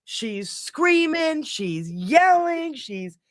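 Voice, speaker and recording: A middle-aged woman hosting a podcast, telling a long story in a casual, animated way, swearing freely and rambling. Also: high voice, drawn-out words. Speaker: podcast host.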